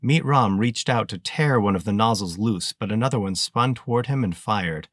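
Man, low voice, audiobook narrator, steady measured delivery, close dry recording. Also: no echo.

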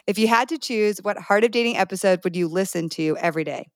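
A woman's voice: medium pitch, fast talker, dry recording, studio quality. A woman hosting a group podcast chat, bubbly and enthusiastic, cheering her guests on. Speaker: podcast host.

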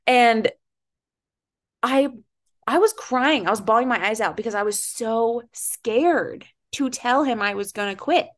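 Animated young woman telling a story. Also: a little high, measured pace. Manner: animated storytelling, swears freely, laughs at herself. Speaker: podcast co-host. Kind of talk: casual chat.

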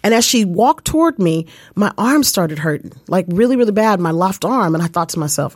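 A woman's voice: mid-range voice, lively intonation, a little fast, hardly any pauses, dry recording, clean studio sound. A woman hosting a live spiritual coaching show, telling a personal story in an earnest, casual way and often speaking to listeners directly. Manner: earnest, addresses listeners as "you guys".

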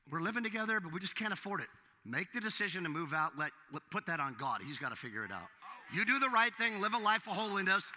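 A man preaching a sermon as pastor, swinging from hushed asides to loud exclamations. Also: fairly high pitch, big-room sound.

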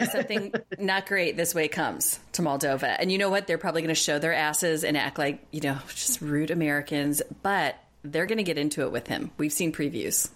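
Low-pitched woman, gossipy sarcastic chat. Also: moderate pace, a bit bright. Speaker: podcast co-host. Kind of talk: casual reality-TV recap chat.

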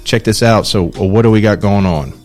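A man's voice: on the low side, a little fast, darkish tone, soft background music. A man hosting a local show, reading out events and chatting in a loose, talkative way. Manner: chatty, loose, with fillers and asides. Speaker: host. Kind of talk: casual interview and local announcements.

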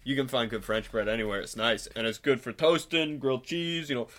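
A man's voice: medium pitch, a little fast, fairly bright tone. A man co-hosting a podcast, rambling and joking in casual chat, full of fillers. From Southern US. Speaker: podcast co-host.

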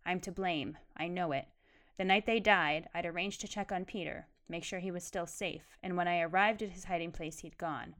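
A woman's voice: lowish voice, normal speed, a bit bright, lightly acted. Woman reading a guilt-ridden haunted man. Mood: remorseful.

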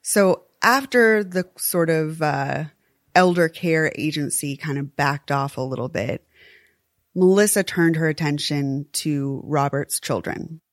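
A woman's voice: low-pitched, lively intonation, a little slow, dry recording, studio quality. A woman co-hosting a true crime podcast, talking earnestly and emphatically and swearing when worked up. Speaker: podcast co-host.

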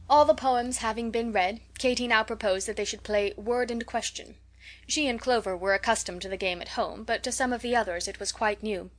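Woman calmly narrating a storybook. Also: a little high, a little fast. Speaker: audiobook reader.

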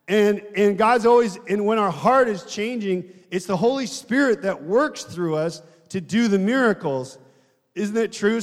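A man's voice: high voice, in a large hall. A man preaching a sermon in a conversational way, often asking the congregation questions.

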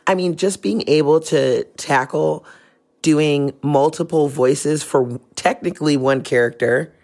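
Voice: mid-range voice, unhurried, a little mellow. A podcast host with a mid-range voice steers the talk, eagerly asking questions and rambling a bit through fillers. The tone is easy and conversational. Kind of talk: casual podcast chat.

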